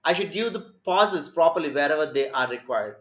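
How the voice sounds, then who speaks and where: A man, a communication skills coach teaching a live lesson in an energetic, emphatic way. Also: fairly high pitch, brisk, reverberant. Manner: energetic, emphatic, plays with stress and pace.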